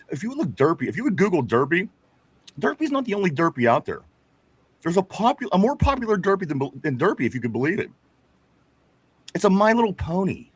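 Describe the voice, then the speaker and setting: A man's voice: medium pitch, fairly bright tone, husky, no room sound. Chatty man hosting a sports show. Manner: chatty, stumbles and repeats words, chuckles often. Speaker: sports talk show host. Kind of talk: casual sports chat, reading viewer comments.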